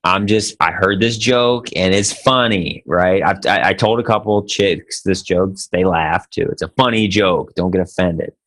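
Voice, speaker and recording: Low-voiced laid-back male podcast host. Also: normal speed, hardly any pauses, a bit bright. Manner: joking, laid-back storyteller. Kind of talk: casual podcast chat.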